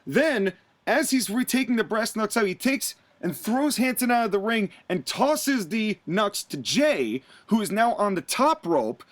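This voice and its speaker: A man with a high, lively voice tells a wrestling story on a podcast. He talks in a casual, animated way and slips into the wrestlers' voices as he goes. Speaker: podcast host recapping a wrestling show.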